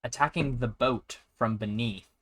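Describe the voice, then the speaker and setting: A man in the game master's chair, talking through the rules at a relaxed clip. His voice sits at an ordinary middle pitch, and he often stops and restarts his sentences as he works things out. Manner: easygoing, explains rules in halting restarts. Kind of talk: running a tabletop game.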